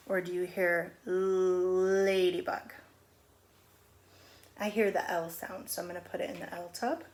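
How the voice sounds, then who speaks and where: A middle-aged woman teaching a phonics lesson on video at home, stretching out letter sounds slowly and patiently. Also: medium pitch, vocal fry. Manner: slow, drawn-out sounding of letters. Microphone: camera on video.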